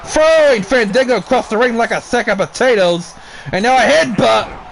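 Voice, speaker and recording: Excitable high-voiced man calling wrestling. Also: normal speed, creaky, a little hiss or hum. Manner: excitable, swears, cheers on wrestlers. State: has the hiccups. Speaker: gameplay commentator. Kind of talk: casual play-by-play commentary of a wrestling video game.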